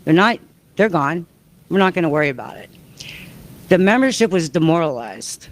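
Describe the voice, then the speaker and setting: A woman's voice: lowish voice, sing-song, normal speed. A woman and union member speaking on a panel, emphatic, acting out quotes as she tells her story. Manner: emphatic, acts out dialogue while telling. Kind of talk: panel talk.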